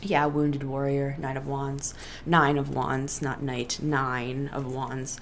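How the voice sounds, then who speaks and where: A woman giving a casual tarot reading, talking deliberately and meditatively straight to the listener. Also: low-pitched, fairly even intonation, a little hiss or hum. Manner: deliberately slow, meditative and talkative, addressing the listener directly. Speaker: tarot reader.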